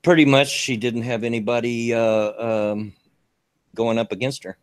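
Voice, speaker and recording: A man's voice: medium pitch, steady tone, moderate pace, clear, resonant tone, no echo, clean studio sound. A man co-hosting a casual political chat, easygoing and plain-spoken.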